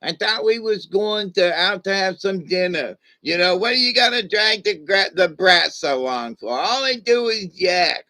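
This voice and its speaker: A man's voice: high voice, animated, measured pace, hardly any pauses, bright, forceful tone, pitched above the performer's own voice, exaggerated voice. A whiny, griping old grouch in a pinched, raised voice, as a man puts him on. He complains in a cranky, nagging manner. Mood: grumbling. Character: grumpy older man complaining about a kid.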